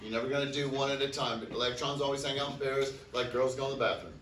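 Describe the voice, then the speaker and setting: Male chemistry teacher, bright and upbeat, jokes and quizzes a class; distant mic in a roomy classroom. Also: mid-range voice, fairly even intonation, quick pace, slight background noise. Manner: upbeat, joking, counts aloud and quizzes students. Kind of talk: classroom lecture. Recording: echoey classroom, mic far off.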